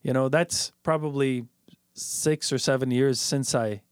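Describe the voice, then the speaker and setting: A man in a relaxed chat, winding through a story with lots of filler and quoted asides. His voice sits at an ordinary middle pitch. The sound is dry and close, with no room around it. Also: unhurried, clean tone, no echo. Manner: rambling, lots of "like" and "I was like".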